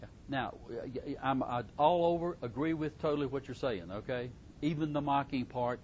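A man's voice: medium pitch, normal speed, darkish tone, lo-fi sound, slight background noise. A middle-aged man, giving parenting advice to a group in a folksy, casual way and repeating himself as he goes. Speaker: parenting speaker. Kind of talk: casual talk to a live group.

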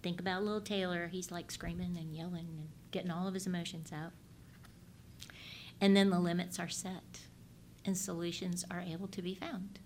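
Animated woman teaching about parenting. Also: on the low side, normal speed, a little hiss or hum. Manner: animated, asks the audience questions, shifts between loud and hushed. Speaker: parenting speaker. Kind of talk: teaching talk.

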